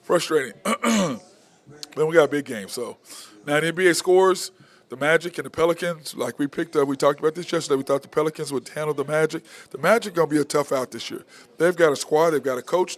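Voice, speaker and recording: A man's voice: a little high, a little fast. A man hosting a sports talk show, ranting bluntly and repeating his points. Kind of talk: opinionated sports talk monologue.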